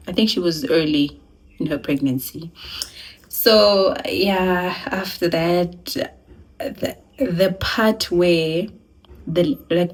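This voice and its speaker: A young South African woman with a South African accent, telling her own story in a casual, animated vlog, laughing and switching between languages. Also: lowish voice. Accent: South African (Sesotho-speaking). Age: young adult. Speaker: vlogger.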